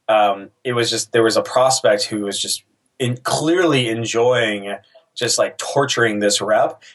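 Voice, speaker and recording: Male founder, low voice, halting storyteller, slightly distant mic. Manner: hesitant, full of fillers like "um" and "like". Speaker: sales company founder. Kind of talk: casual storytelling. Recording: voice a bit far from the mic.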